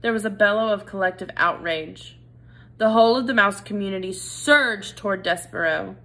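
A woman reading a children's novel aloud, gentle and expressive, speaking directly to the reader. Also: medium pitch, moderate pace. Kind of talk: read-aloud narration.

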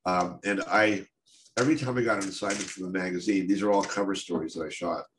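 A man's voice: low-pitched, fairly even intonation, fast talker. A middle-aged American man, a photographer telling stories from his career in a candid, self-deprecating way with many fillers. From United States. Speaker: photographer giving a talk. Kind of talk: storytelling talk. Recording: echoey room with faint noise.

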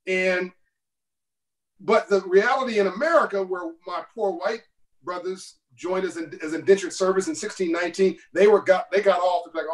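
A man's voice: high-pitched, normal speed, far from the mic, rough recording. A man speaking as a guest author in an interview, making his points with emphatic bursts and laughing between them over a video call. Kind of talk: passionate interview talk.

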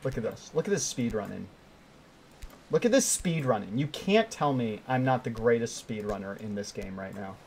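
A young man giving live commentary while playing a hard climbing game, excitable and swinging between quiet mutters and sudden yelps. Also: fairly low pitch, a little fast, hardly any pauses, slight background noise. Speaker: gaming streamer.

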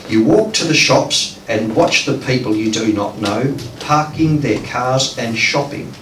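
Man, poetry reading, very slow delivery, roomy echo, far from mic, faint noise. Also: mid-range voice. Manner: slow, hesitant between poems, with many ums. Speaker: poet reading his work. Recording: echoey room, distant mic, faint noise.

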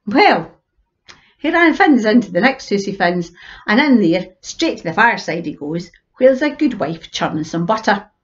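A woman with an Ayrshire Scots accent telling a folk tale in a lively, folksy way. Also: medium pitch, moderate pace, lo-fi sound. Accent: Scottish, Ayrshire. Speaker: storyteller. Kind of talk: animated oral storytelling.

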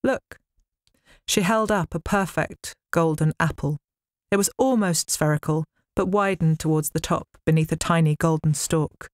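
In a recording studio, a woman author reads her own novel aloud as a dramatic book reading, telling the story wryly. Her voice is deep, her pace normal, and there's no echo.

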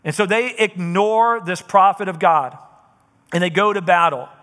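A man preaching a sermon, retelling a scripture story in a lively, casual way with conversational asides. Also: high voice, a little slow, in a large hall. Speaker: pastor. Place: church auditorium.

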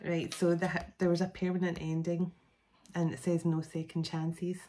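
Woman, tarot reader, low-pitched voice, rambling casual talk, faint hiss. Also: little pitch movement, moderate pace, dark tone, low-quality recording. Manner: chatty, rambling, many fillers and restarts. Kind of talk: casual spoken tarot reading.

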